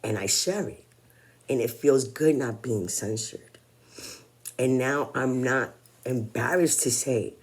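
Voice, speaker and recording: A woman's voice: a bass voice, animated, slow, long pauses, darkish tone, slightly rough. A woman in her forties talking in a personal vlog monologue, blunt and candid, swearing freely. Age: 40s. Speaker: vlogger.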